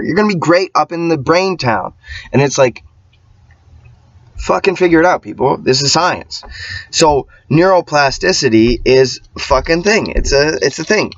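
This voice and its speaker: A vlogger rants in a casual monologue, emphatic and profane, rambling and restarting often while frequently mimicking other people's voices. His mid-range voice is expressive and moves at normal speed. The recording sounds dull, lo-fi, and dry.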